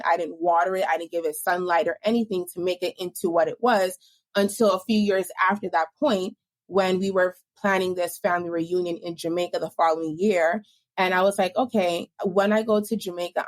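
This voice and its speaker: A woman born in the United States, a podcast guest recounting her experience in a relaxed, conversational way. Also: lowish voice. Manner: relaxed storytelling with many fillers. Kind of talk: casual podcast interview.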